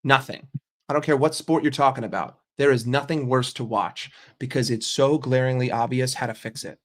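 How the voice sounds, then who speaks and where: A man's voice: mid-range voice, moderate pace. An American man ranting as a football fan vlogger, emphatic and profane. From United States.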